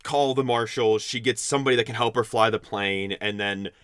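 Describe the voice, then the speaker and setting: Bright-voiced man rambling through a recap. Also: fairly low pitch, brisk, smooth, no room sound, clean studio sound. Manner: rambling, profane, laughs often. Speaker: podcast co-host. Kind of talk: casual chat, recapping a movie.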